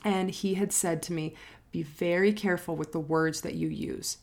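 A woman's voice: fairly low pitch, fairly even intonation, moderate pace. A woman life coach talking straight to camera in a personal vlog, earnest and reflective, repeating phrases for emphasis and sounding close to tears. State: emotional, near tears.

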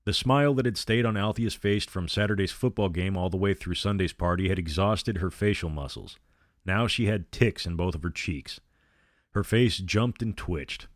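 A man's voice: low voice, moderate pace, no echo, studio quality. A man narrating a horror novel aloud, reading every character in his own voice. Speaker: storyteller.

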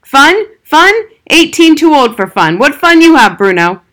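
A woman reading aloud voices a weary, hot-tempered immigrant father who shouts in broken English. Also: fairly high pitch, expressive, normal speed, voice pushed up, lightly acted. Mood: furious.

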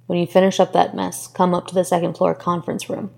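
A woman's voice: fairly low pitch, flat delivery, fast, vocal fry, darkish tone, long reverb tail. A woman voicing a weary middle-aged male former teacher who talks in a dry, bored drawl.

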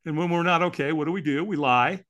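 A man being interviewed on a podcast, telling a personal story with emphatic, animated delivery and frequent rhetorical questions. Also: fairly high pitch, fast talker, crowd noise. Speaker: podcast guest.

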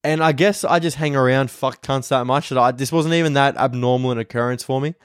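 A young Australian man in his twenties talks straight into a close microphone with very little room sound. His pitch sits in the middle range. He rambles through a casual solo podcast, swearing freely and acting out what other people said. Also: steady tone, fast, few pauses, smooth, dry recording. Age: 20s. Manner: profane, rambling storyteller who acts out others' lines. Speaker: podcast host, comedian.

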